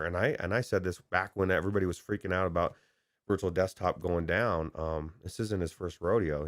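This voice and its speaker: A man's voice: low-pitched, no room sound, clean studio sound. A man co-hosting a podcast, talking in a rambling, hesitant way with many fillers and restarts. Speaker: podcast co-host. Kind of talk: casual chat.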